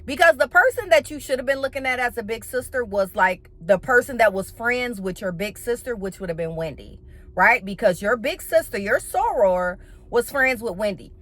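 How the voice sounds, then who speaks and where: A woman's voice: a little high, normal speed. A woman giving a casual, blunt and profane recap of a reality TV episode, full of sassy slang. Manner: animated, with playful slang.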